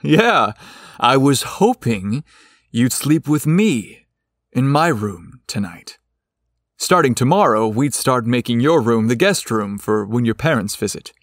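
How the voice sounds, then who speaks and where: A man voicing a confident young man who speaks in a smooth, teasing way. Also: medium pitch, sing-song, a little slow, dry recording.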